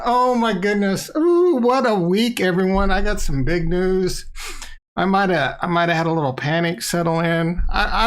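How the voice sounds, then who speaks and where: Casual male crypto streamer, blunt and rambling, goofy asides, close desk mic. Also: a little high. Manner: loose, rambling, playful, blunt. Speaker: crypto YouTuber. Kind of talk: casual livestream talk. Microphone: desk microphone.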